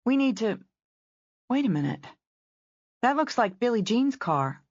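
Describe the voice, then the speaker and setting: A woman reader voicing a brisk, self-assured young woman who manages a ranch resort. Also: a little high, sing-song, a little mellow, dry recording, lo-fi sound, pitched above the performer's own voice, heavily acted. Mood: alert.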